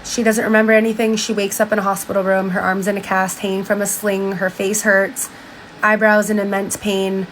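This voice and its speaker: A woman's voice: mid-range voice, flat delivery, a little fast, a little hiss or hum, rough recording. A woman casually retelling a book's story in her own words, chatty and full of "like", with bursts of disbelief. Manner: chatty, lots of "like", exclaims in disbelief. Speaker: commentator. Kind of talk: casual commentary retelling a book.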